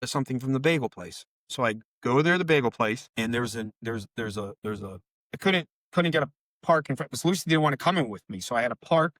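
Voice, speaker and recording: A middle-aged man, a bereaved father appearing as a podcast guest, tells stories in an emotional interview, rambling, heated and profane. His voice is medium-pitched and fairly bright, with lively intonation and a fast pace. There is no room sound.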